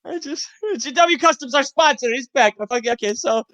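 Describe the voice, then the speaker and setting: A young man in his twenties, co-hosting a casual podcast, rambling through profane childhood stories with animated yelps and laughter. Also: very high voice, moderate pace, dry recording, lo-fi sound. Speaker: podcast co-host. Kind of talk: casual chat, storytelling.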